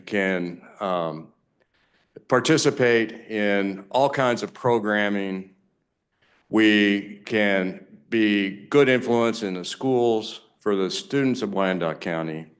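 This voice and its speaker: A low-voiced man speaks very slowly as he wraps up a partnership pitch for his nonprofit before county officials. His delivery is measured and plain, broken by the odd pause and restart. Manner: measured, with some fillers and restarts. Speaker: nonprofit representative. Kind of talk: formal closing remarks at a public meeting. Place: government meeting chamber.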